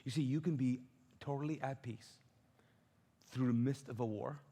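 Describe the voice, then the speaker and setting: A man preaching a sermon as a pastor, animated and humorous, asking the congregation to call out answers. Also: medium pitch, normal speed, breathy edge. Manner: tells humorous stories with acted-out quotes. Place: church auditorium. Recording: long hall reverb.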